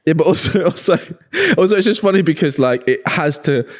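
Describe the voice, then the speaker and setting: A man on a podcast, his voice sitting a bit high and swinging widely in pitch. He chats casually, breaking into laughter and acting out the lines he quotes. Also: animated, fairly quick. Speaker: podcast guest. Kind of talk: casual chat.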